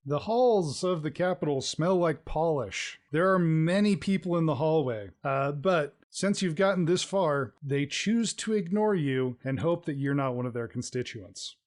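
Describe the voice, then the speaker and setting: A man's voice: on the high side, lively intonation, unhurried, few pauses, darkish tone. A man narrating as game master in a tabletop game, playful and laughing often.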